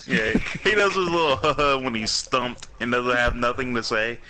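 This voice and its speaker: A man's voice: medium pitch, animated, a little slow, background noise. A man co-hosting a podcast, chatting casually with a lot of profanity, laughter and mocking banter. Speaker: podcast co-host. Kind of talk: casual chat.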